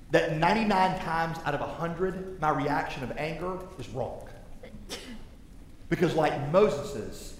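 Animated preaching man in an echoey hall. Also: fairly high pitch. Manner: animated, conversational preaching with big swings in loudness. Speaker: pastor. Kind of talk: sermon. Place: large church sanctuary. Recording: echoey hall with faint noise.

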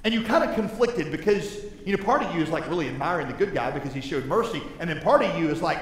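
A male pastor preaching a sermon in a big church, talking in a loose, conversational way that swings between soft and loud. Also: fairly high pitch, expressive, quick pace, hardly any pauses. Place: large church sanctuary. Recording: echoey hall with faint noise.

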